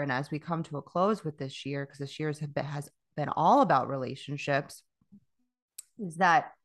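Low-voiced woman cohosting, swears a lot, laughs easy, super candid. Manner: candid, profane, laughs often. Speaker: podcast co-host. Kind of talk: casual chat.

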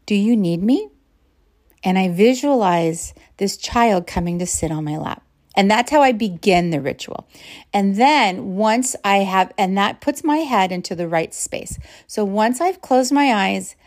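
Woman podcast host, middle-aged, mid-pitched, unhurried and gentle, easing now and then into soft whispers. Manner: slow, calm and reflective, drops to soft whispers at times. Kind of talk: guided mindfulness talk.

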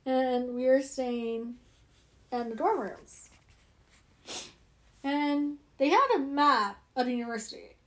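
A woman in casual chat, telling stories in an animated way and laughing often. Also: high voice, slow, long pauses. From United States.

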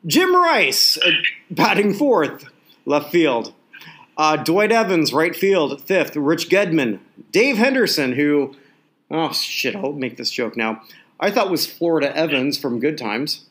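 A man's voice: on the high side, sing-song, slow, long pauses, fairly bright tone. A man co-hosting a sports podcast, rambling and joking with many restarts. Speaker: podcast co-host. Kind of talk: casual sports chat.

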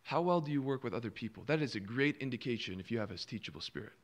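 A man preaching a sermon, firing rhetorical questions and acting out quoted replies with sudden drops to a hush and swells in volume. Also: medium pitch, expressive, quick pace.

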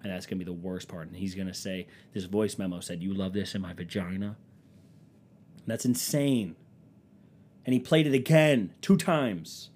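A young man chatting casually and comically as a podcast host, rambling and swearing, with quick dips into silly voices. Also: low-pitched, darkish tone, husky. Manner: rambling, profane, slips into silly quoted voices. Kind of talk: casual comedic chat.

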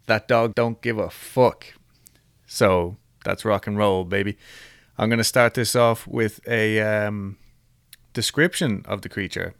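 A man's voice: fairly low pitch, steady tone, unhurried, creaky, fairly bright tone, smooth, no room sound, clean studio sound. A man hosting a podcast in casual chat, who swears freely and laughs at himself. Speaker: podcast host.

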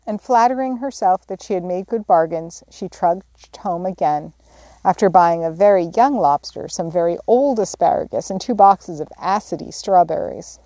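A woman's voice: on the low side, dry recording. Woman reading a classic novel, dry. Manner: steady, measured storytelling. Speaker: audiobook reader. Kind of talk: scripted narration.

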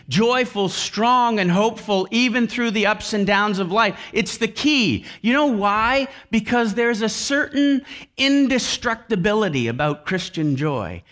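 A man's voice: high voice, unhurried, a bit bright. A man preaching a sermon with emphasis, repeating key phrases over and over. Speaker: pastor.

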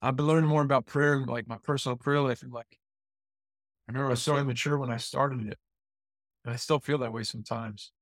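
Rambling, halting man, dry close sound. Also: medium pitch, fairly even intonation, no echo. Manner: rambling, halting, repeats words. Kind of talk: casual faith conversation.

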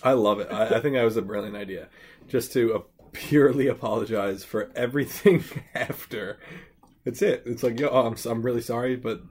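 A man's voice: mid-range voice, fairly quick, a little mellow, husky. A young man co-hosting a podcast, rambling crudely in casual banter with laughing asides. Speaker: podcast co-host.

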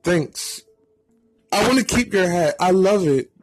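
Storybook role: a man doing a flustered, outspoken young woman, pitched well up, husky. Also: expressive, a little slow, soft background music.

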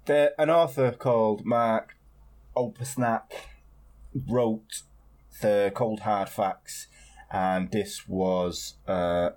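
A man with a fairly low voice tells a story in a loose, rambling podcast chat. He is wry and offhand, dropping the odd swear word. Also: steady tone, very slow, a little mellow. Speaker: podcast co-host. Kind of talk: casual chat.

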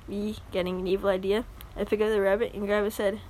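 A woman's voice: mid-range voice, level tone, fast, hardly any pauses, darkish tone, low-quality recording. A young woman hosting a podcast, reading a story aloud and then rambling casually with a giggly, self-deprecating manner. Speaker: podcast host.

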